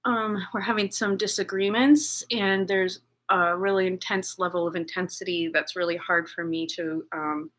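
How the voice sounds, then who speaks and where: A bright, forceful woman's voice, talking haltingly in a personal video journal with lots of fillers and restarts. She sounds shaken and anxious. She is middle-aged. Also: on the low side, steady tone. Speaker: vlogger.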